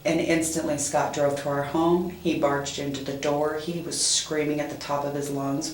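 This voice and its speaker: A woman being interviewed as a mother, giving a halting personal account with many pauses and fillers. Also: sits low, level tone, reverberant, a little hiss or hum, poor audio.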